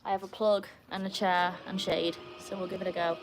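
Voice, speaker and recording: A woman with an English accent hosting a casual live stream outdoors in the shade, chatting to viewers and jumping to high, excited tones when she calls to her dogs. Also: fairly quick, background noise.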